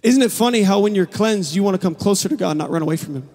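A man with a notably high voice delivers a sermon in a large church hall. His voice rings out with a long reverb. He swings from hushed, intimate lines to impassioned, shouted calls. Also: animated, fast talker. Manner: builds from quiet to passionate shouting. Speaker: pastor.

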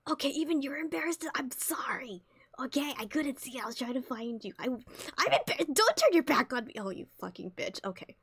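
A woman's voice: sits high, very animated, a little fast, fairly bright tone, husky, dry recording. A woman roleplaying her character on a game stream, flustered and self-mocking, often dropping into whispered asides.

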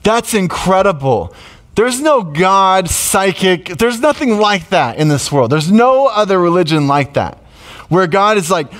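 A man delivering a sermon in a conversational style, his voice sitting a touch high for a man. He puts questions to the congregation and acts out quoted lines, changing his voice as he goes. It sounds like he is speaking in a church. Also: big pitch swings, unhurried, a bit bright. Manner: acts out quoted prayers in a shifting voice. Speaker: pastor. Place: church sanctuary.

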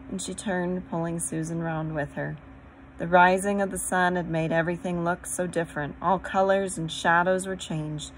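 Woman reading a storybook, lowish voice. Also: fairly even intonation, normal speed, a little hiss or hum, poor audio. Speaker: audiobook reader. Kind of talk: storybook narration.

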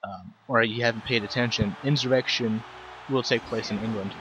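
A man's voice: medium pitch, steady tone, moderate pace, fairly bright tone, muffled recording, slight background noise. A young man giving casual, rambling video game commentary, mocking himself and swearing easily. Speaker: let's play commentator.

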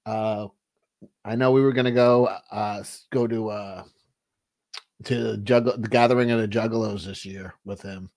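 A man's voice: on the low side, fairly even intonation, moderate pace, darkish tone. A man hosting a casual livestream, talking in a rambling, profane way with many restarts, and reading out viewer chat. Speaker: livestream host.

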